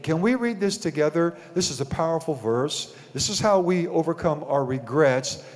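A man's voice: on the high side, darkish tone. A man preaching a sermon as pastor of his church, building to emphatic peaks and tossing questions to the congregation. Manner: preaching with rising emphasis and call-and-response questions. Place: church sanctuary. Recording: long hall reverb.

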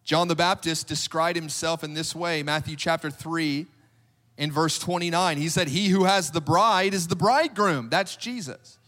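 A man's voice: on the high side, normal speed, sharp tone. A man preaching a sermon, retelling scripture in a casual, storytelling way that acts out the quoted reactions. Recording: long hall reverb.

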